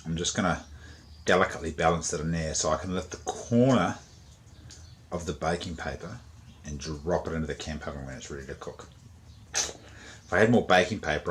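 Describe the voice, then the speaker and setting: A man hosting his outdoors vlog, relaxed and chatty as he explains things step by step at a campfire. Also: a bass voice, a little hiss or hum. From New Zealand. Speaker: outdoors vlogger host. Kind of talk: casual vlog narration.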